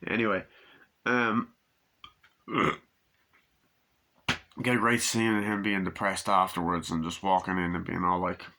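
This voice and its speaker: Bright-voiced man ranting about a film. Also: flat delivery, measured pace, long pauses, a little hiss or hum. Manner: rambling, profane, acts out scenes in high put-on voices. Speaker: movie reviewer. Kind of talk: casual spoken movie review. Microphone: camera mic.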